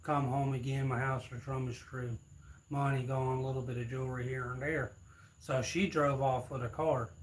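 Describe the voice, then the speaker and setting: A man's voice: medium pitch, flat delivery, moderate pace, a little hiss or hum, poor audio. A man telling a story to his viewers in a rambling, loose retelling on a livestream. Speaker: streamer. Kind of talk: casual storytelling.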